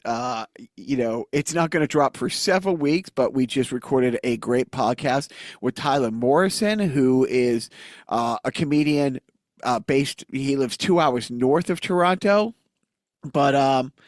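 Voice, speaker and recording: A man with a speech impediment hosting a casual podcast, animated and laughing at his own jokes. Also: mid-range voice, no echo, clean studio sound. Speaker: podcast host, comedian.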